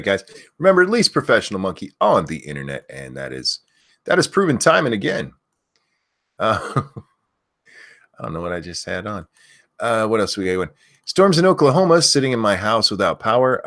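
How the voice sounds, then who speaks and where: Hosting a casual livestream, this man loudly shouts out viewers' names before slipping back into loose chatter full of swearing. His pitch sits fairly low.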